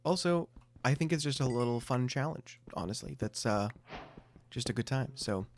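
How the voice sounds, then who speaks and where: A man's voice: medium pitch, lively intonation, moderate pace, slight background noise. A young adult man giving casual gameplay commentary, thinking aloud with self-mocking asides. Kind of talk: casual let's-play commentary.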